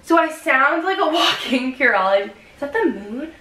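A young woman talks to her camera in a loose, chatty vlog, tossing in "like" every few words. Her voice sits a bit high and sounds bright and forward. The room around her rings with a noticeable echo. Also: moderate pace. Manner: chatty and expressive, many "like" fillers. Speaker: vlogger.

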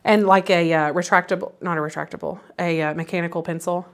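A woman's voice: on the low side, fairly even intonation, fast. A woman co-hosting a casual crafting livestream, playful and self-mocking as she explains each step while working. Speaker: co-host.

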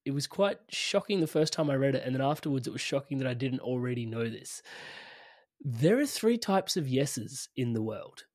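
A man's voice: medium pitch, animated, normal speed, a little mellow, no echo, studio quality. A man hosting an interview, chatting casually, laughing often and swearing now and then. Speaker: podcast host.

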